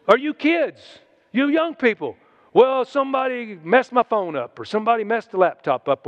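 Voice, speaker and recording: Man, pastor, high voice, exhorting sermon, muffled lo-fi recording. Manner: exhorting, swings between loud shouts and hushed asides. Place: church sanctuary.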